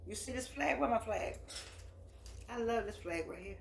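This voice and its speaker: A woman's voice: a little high, expressive, a little fast, creaky, reverberant, a little hiss or hum. A woman in her eighties from the United States speaking to camera on her phone, emphatic and preacherly, repeating her phrases. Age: 80s. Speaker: host. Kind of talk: impassioned address to camera.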